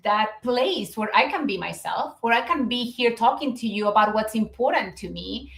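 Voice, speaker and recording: A woman's voice: a little high, expressive, normal speed, a bit bright, echoey room. A woman from Chile with a Chilean Spanish accent, a guest speaking earnestly and reflectively, with many fillers. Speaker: guest, business founder. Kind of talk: conversational interview.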